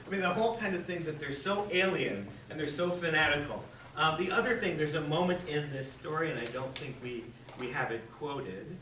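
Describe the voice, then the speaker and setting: Upbeat guy teaching a class, fairly high voice, roomy faint-noise recording. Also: moderate pace, few pauses, sharp tone. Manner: chatty, enthusiastic, with restarts and fillers. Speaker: lecturer. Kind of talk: lecture on literature. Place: lecture room with an audience. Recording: echoey room, distant mic, faint noise.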